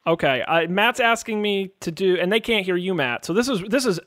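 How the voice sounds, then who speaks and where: A man's voice: high voice, lively intonation, fairly quick, a bit bright, a little hiss or hum. A man co-hosting a comedy podcast, stammering and self-deprecating with frequent laughs. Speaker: co-host.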